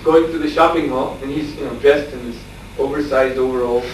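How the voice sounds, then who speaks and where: Male spiritual teacher, lively storyteller, captured from a distance in a very echoey room with faint noise behind. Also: mid-range voice, brisk. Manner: animated storyteller, laughing, acting out shouts. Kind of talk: storytelling lecture.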